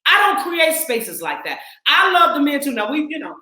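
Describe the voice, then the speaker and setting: Forties woman from the twin cities, coaching actors, emphatic and loud at times, highish voice, roomy echo. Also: moderate pace. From Twin Cities, Minnesota. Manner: animated and emphatic, laughing, rising into shouts. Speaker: actress and acting coach. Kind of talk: casual heartfelt talk.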